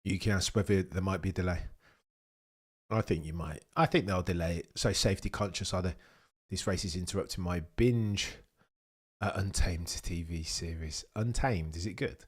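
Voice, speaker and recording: A British man hosting a live race watchalong, chatting with viewers in a cheeky way and swinging between loud excited bursts and low mutters. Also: moderate pace, husky. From United Kingdom. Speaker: livestream host.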